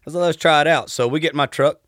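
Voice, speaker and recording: Racing along in a slightly high, fairly bright voice, this man is captured on a dry, clean studio recording. In his thirties and from Texas, he has a Southern accent and tells stories casually and politely as an easygoing podcast guest.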